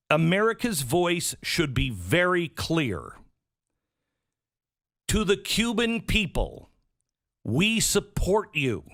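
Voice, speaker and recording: A man's voice: fairly high pitch, a bit bright, no room sound. A man hosting a political talk show, sarcastic and prone to acting out the voices he quotes, on a studio mic. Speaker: radio show host.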